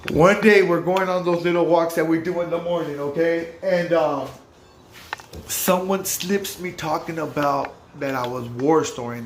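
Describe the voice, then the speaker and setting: A man recounts his own story in loose, swearing street slang, his voice sitting a little high for a man. He sounds like he is in a roomy, echoey space, with a faint hiss of noise behind him. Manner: profane street slang, lively retelling. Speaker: vlogger recounting a recovery-home stay. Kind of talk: casual storytelling to camera.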